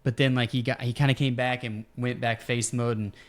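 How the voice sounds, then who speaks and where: A man's voice: mid-range voice, brisk. Man casually telling a story. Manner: storytelling, relaxed, with fillers. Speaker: podcast host. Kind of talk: casual wrestling podcast chat.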